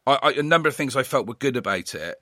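Fast-talking man on a podcast. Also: medium pitch, animated, a bit bright, no room sound, studio quality. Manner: chatty, many restarts. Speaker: podcast host. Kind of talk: casual podcast chat.

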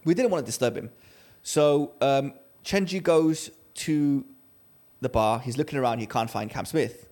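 A man co-hosting a podcast, telling a story in casual chat and acting out the quotes with lively energy. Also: mid-range voice, normal speed. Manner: animated storyteller, acts out quotes. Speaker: podcast co-host.

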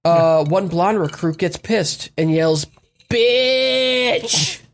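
A man's voice: a little high, fairly even intonation, unhurried, darkish tone. A man casually recapping an anime episode for friends, laid-back and wry. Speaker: podcast co-host recapping an anime.

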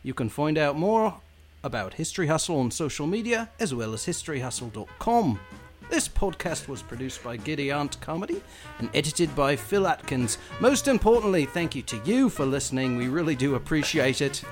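A man's voice: mid-range voice, moderate pace, hardly any pauses, a bit bright, faint music behind, natural voice. A man putting on a hammy British accent to read a podcast's closing credits. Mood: playful. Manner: hammy, playful sign-off.

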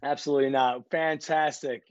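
A man's voice: a little high, steady tone, fairly quick, dry recording, dull audio. A man hosting a podcast, giving short affirming replies. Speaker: podcast host. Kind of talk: casual podcast chat.

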